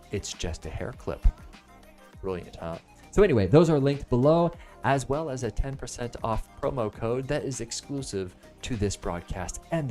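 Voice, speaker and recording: Brief: American man in his thirties, lowish voice, jokey live-stream host who swings from loud bursts to hushed asides, faint music underneath. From United States. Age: 30s. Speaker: livestream product reviewer. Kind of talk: live-stream product pitch.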